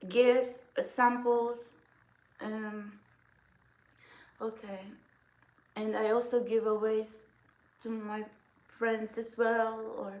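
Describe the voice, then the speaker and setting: Slow, giggly woman in an echoey room. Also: a little high, level tone, darkish tone. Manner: giggly, rambling, laughs often. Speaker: vlogger. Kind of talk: casual makeup vlog chat.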